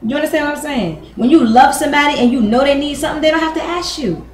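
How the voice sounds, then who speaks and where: A woman with a high-sitting voice talks quickly, giving her niece blunt advice in a casual chat. She swears freely and acts out both sides of each argument. Her voice echoes around the room over a faint background hum.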